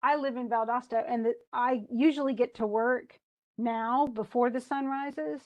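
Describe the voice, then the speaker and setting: Middle-aged woman, classroom teacher, slightly high voice, chatty, thinks aloud. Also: steady tone, normal speed, highs cut off. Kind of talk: classroom lesson on poetry meter.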